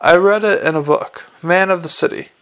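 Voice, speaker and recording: A man's voice: sits high, normal speed, pushed and bright, smooth. A man voicing an earnest, naive young watchman who talks eagerly and innocently in a storybook reading.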